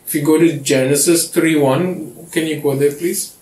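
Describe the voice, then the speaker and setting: A man's voice: on the high side, fairly even intonation, normal speed, darkish tone. A man, the pastor, teaching a Bible study and often checking that his listeners understand. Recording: echoey room from far off.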